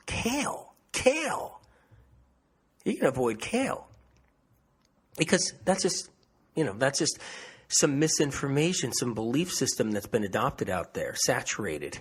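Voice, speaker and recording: A man's voice: mid-range voice, a bit bright, breathy edge. A man presenting a health webinar, talking emphatically and repeating himself to press his points home. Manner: emphatic, repetitive, pleading. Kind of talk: impassioned webinar talk.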